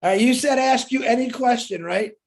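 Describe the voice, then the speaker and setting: A co-host on a live stream reading out audience questions in a lively, chatty way. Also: medium pitch, moderate pace.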